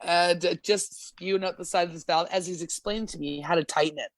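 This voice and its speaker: A woman's voice: fairly low pitch, brisk, dry recording. A woman from Alberta, a gas service technician telling rambling work stories on a podcast, swearing freely. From Alberta, Canada. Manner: profane, blunt, rambling. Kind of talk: casual podcast storytelling.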